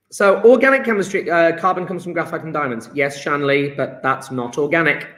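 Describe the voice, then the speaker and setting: Chatty chemistry teacher, high voice. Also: male voice, normal speed, fairly bright tone. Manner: chatty, encouraging, fillers of "yeah?". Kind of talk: live online lesson. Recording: echoey room.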